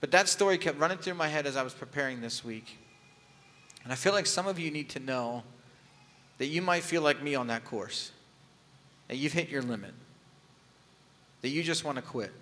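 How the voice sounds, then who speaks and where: A man's voice: medium pitch, lively intonation, normal speed, long pauses, bright, forceful tone. A man preaching a sermon as a pastor, telling a personal story in a candid, conversational way with touches of humor. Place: church sanctuary. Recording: long hall reverb.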